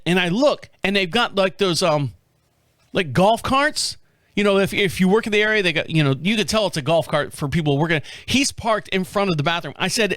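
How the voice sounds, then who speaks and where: A man's voice: high-pitched, expressive, fairly quick, fairly bright tone, no echo, clean studio sound. A man telling a rambling, profane story in a casual chat, acting out the dialogue as he goes. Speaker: podcast host.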